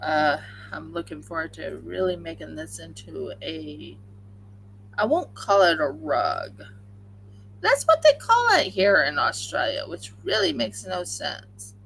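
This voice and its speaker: A woman's voice: deep voice, very animated, unhurried, vocal fry, a bit bright, a little hiss or hum, rough recording. A woman hosting a crafting livestream, chatting casually and rambling with many fillers while she crochets at home.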